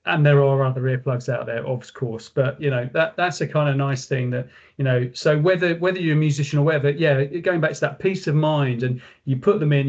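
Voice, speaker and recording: Man, company director, webinar guest, rambling casual talk, fillers and restarts, a bit high-pitched, dull lo-fi video call audio. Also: darkish tone. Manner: rambling, many fillers and restarts, acts out quotes in raised voice.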